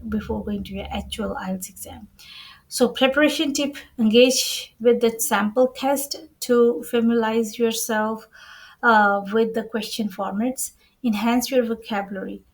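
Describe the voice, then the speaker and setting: A woman's voice: on the high side, rough recording. A woman teaching an exam-prep lesson, explaining earnestly with many restarts and repeated phrases. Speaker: IELTS tutor.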